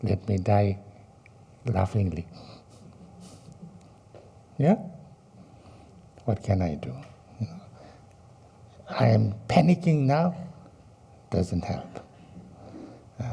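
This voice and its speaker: Man giving a dharma talk, real slow, super dark and husky voice. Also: fairly low pitch, big pitch swings. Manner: slow, halting, many fillers and rhetorical questions. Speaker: Buddhist teacher. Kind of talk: dharma teaching.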